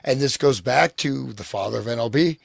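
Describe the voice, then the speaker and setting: A man's voice: medium pitch, a little fast, vocal fry, breathy edge, dry recording, studio quality. A man co-hosting a podcast in casual chat, joking loosely and leaning on fillers. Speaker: podcast co-host.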